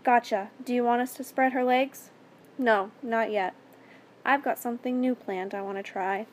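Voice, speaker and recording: A woman reading a story aloud and voicing a menacing adult man who speaks in a measured, controlled way. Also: a little high, steady tone, slight background noise, lightly acted, poor audio. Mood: cold calm. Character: calm, menacing adult male captor.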